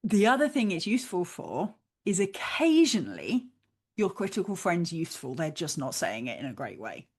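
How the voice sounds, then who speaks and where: A woman working as a life coach, talking animatedly in a coaching conversation and quickly acting out bits of inner dialogue. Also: lowish voice, wildly swooping pitch, slightly rough.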